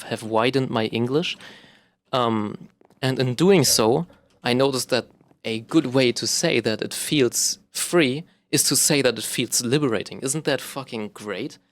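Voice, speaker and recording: Rambling young man. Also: mid-range voice. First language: German. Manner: rambling, profane, self-correcting, many ums. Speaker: vlogger. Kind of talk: casual monologue to camera.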